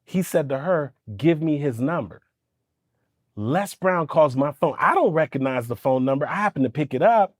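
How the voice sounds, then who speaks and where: An animated male storyteller, dry close sound. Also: fairly high pitch, moderate pace, dry recording. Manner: animated storyteller who acts out quoted voices. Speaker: guest, storytelling coach. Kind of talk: conversational interview storytelling.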